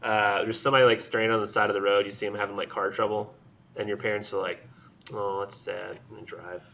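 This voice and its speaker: A man's voice: on the low side, level tone, fast, sharp tone, a little hiss or hum. A man giving a casual, rambling classroom lecture full of fillers and asides. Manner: rambling, filler-heavy, acts out silly voices. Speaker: college literature instructor. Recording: dull lo-fi classroom recording.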